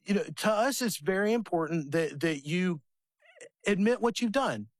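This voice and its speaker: A man's voice: high-pitched, normal speed, no room sound. A man, likely in his thirties, hosting a faith radio talk show and telling family stories with many restarts. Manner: animated storyteller, many restarts.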